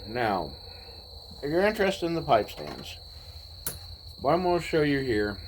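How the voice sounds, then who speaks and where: A man in his forties, telling a personal story in a laid-back, rambling way with pauses. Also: mid-range voice, huge pitch swings, slight background noise, rough recording. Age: 40s. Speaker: vlogger. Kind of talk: casual storytelling.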